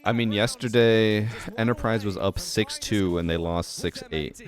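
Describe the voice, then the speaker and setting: A man's voice: on the low side, unhurried. A man streamer in casual co-stream banter, joking, profane and rambling.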